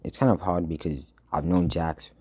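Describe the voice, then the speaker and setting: A man's voice: low-pitched, steady tone, normal speed, a little mellow, husky. A young man chatting casually about a cartoon episode, rambling with lots of fillers and getting emotional. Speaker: host.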